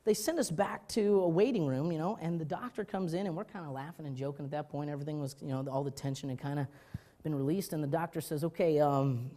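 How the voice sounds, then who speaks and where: A male pastor preaching a sermon, telling stories with urgency that drops to hushed tones, often restarting his words. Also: a little high, fast talker. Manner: animated storytelling, swinging from loud urgency to quiet.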